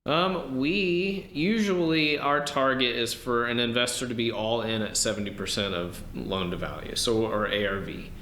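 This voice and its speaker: A man's voice: medium pitch, moderate pace, few pauses, a bit bright. A man guest on a podcast, answering questions casually and hesitantly, with frequent ums and restarts. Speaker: podcast guest, real estate wholesaler. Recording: roomy with faint background noise.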